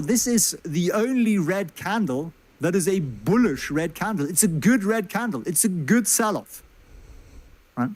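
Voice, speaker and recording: A man's voice: high-pitched, darkish tone, dry recording. A man giving chatty, joking stock market commentary and asking his viewers questions. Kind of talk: livestreamed stock chart commentary.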